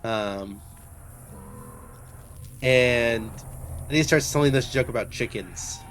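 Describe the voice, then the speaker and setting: A man's voice: medium pitch, slow, a bit bright. A young man talks through a book in casual chat while he games. He is hesitant and rambling, stops often, and corrects himself. A faint hiss sits under his voice. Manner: rambling, hesitant, full of fillers and self-corrections. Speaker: book discussion host. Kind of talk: casual book discussion while playing a game.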